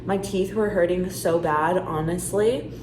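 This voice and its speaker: A woman's voice: lowish voice, measured pace. A woman chatting casually in a daily vlog, talking to viewers with plenty of "like" fillers. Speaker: vlogger. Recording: noticeable background noise.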